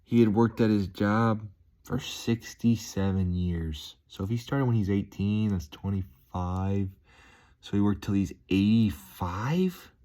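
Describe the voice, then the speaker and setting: A man's voice: fairly low pitch, mellow. A man talking casually to his viewers in a rambling, playful, enthusiastic vlog monologue, chuckling as he goes. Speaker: vlogger. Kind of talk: casual upbeat monologue to camera.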